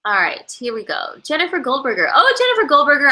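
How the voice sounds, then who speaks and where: A woman fitness instructor answering fan questions in a live online Q&A over a video call, bubbly, gushing and excitable. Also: sits high, fast talker, hardly any pauses, low-quality recording.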